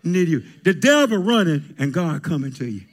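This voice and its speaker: A male preacher delivering a lively, playful sermon with call and response, joking with his congregation, in a church. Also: fairly high pitch, a little fast. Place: church sanctuary.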